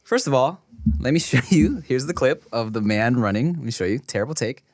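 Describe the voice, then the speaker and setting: A man hosting a casual podcast, trading loose, slangy banter with quick reactions. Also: mid-range voice, lively intonation, a little hiss or hum. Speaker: podcast host.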